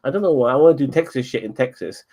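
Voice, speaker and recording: A man's voice: medium pitch, rapid-fire, mellow. A man chatting casually as podcast co-host, rambling, swearing a lot and stumbling over repeated words. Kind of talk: casual chat.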